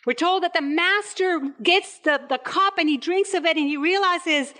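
A woman's voice: very high voice, moderate pace, hardly any pauses. A woman in her fifties from Puerto Rico, preaching a sermon and acting out little scenes with quoted voices. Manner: animated storytelling with acted-out quotes.

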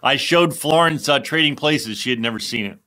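A man hosts a podcast in an easygoing, chatty way. His voice is mid-pitched, with a bright, forward tone. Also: moderate pace. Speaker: podcast host. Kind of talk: casual chat.

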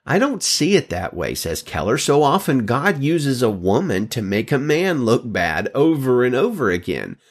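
A man's voice: medium pitch, big pitch swings, normal speed, few pauses, slightly rough. A man giving a devotional Bible talk as a teacher, emphatic and stretching key words.

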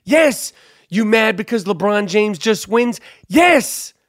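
Podcast guy going off on a sports rant, high voice, swearing nonstop, dry close mic. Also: animated, slow, no echo. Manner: loud, profane, ranting with many fillers. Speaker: podcast host.

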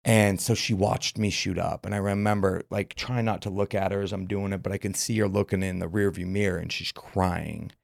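A man's voice: low-pitched, fairly even intonation, brisk, creaky, few pauses, dry recording, studio quality. A man from Utah, a podcast guest, telling his story frankly with lots of filler words. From Utah, USA. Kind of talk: candid personal storytelling.

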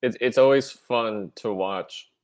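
A man co-hosting a soccer podcast, talking in a halting, relaxed way with many fillers. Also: medium pitch, no echo. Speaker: podcast co-host. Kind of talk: casual podcast chat.

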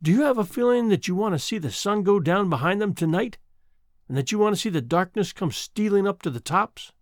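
A woman's voice: mid-range voice, lively intonation, brisk, dry recording, natural voice. A man voicing a timid old countrywoman who is going blind, with rustic folksy speech, tremulous and close to tears. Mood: wistful. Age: older.

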